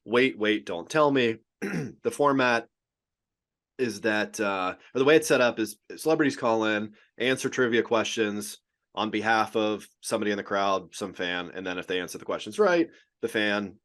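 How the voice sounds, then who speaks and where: A man's voice: on the low side, moderate pace, a bit bright. A man co-hosting a podcast, telling a rambling story in casual, joking chat. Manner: rambling, joking, laughs often, swears. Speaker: podcast co-host.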